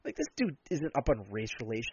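Man, husky, slightly high voice, blunt sarcastic podcast talk, dull lo-fi sound. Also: wildly swooping pitch, fast talker, a little mellow, no room sound. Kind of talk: casual chat.

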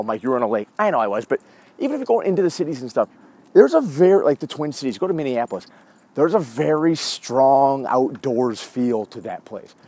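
Walking his dog, a man in his forties hosts his own show with a casual monologue that rambles, swears, and drifts off topic. He has a mid-range voice with a dark tone.

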